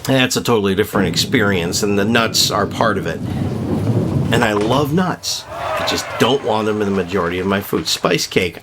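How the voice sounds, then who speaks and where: A man's voice: lowish voice, moderate pace, background noise. A man giving rambling, opinionated commentary while playing a video game, joking as he goes. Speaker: gaming video host. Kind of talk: casual gameplay commentary.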